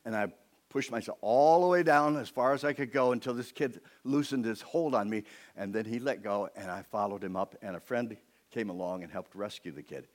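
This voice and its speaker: A man's voice: lowish voice, fairly quick. A man preaching a sermon to his church as pastor, telling a personal story and putting on voices for the people in it.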